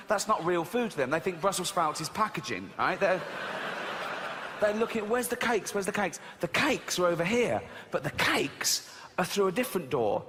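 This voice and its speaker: A man's voice: sits high, a bit bright, a little hiss or hum. A man doing a stand-up routine on a live stage, ranting animatedly and mimicking silly voices, with the audience laughing. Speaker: stand-up comedian. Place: live stage in a large venue. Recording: live hall reverb.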